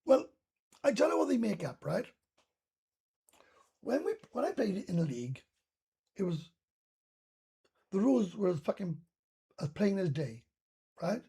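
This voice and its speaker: Gravelly, husky Welsh man ranting. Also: high-pitched, sing-song, a little slow, long pauses, mellow. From Wales. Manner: rambling, heavy swearing, ranting. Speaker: live streamer. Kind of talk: casual live stream chat.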